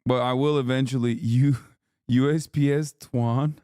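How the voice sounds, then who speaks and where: Smooth-voiced man mocking on stream. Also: mid-range voice, steady tone, a little slow, mellow, dry recording, clean studio sound. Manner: crude, mocking, swears freely. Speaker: streamer reacting to videos. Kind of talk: live stream reaction commentary.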